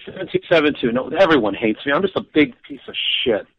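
A man's voice: a little high, big pitch swings, quick pace, creaky, husky, highs cut off. Whiny, self-pitying male caller. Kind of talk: comedic call-in bit.

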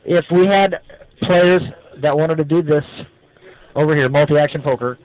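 Teasing man with a higher voice. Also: normal speed, dull audio. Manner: teasing, playful, deadpan. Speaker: poker room staff on the phone.

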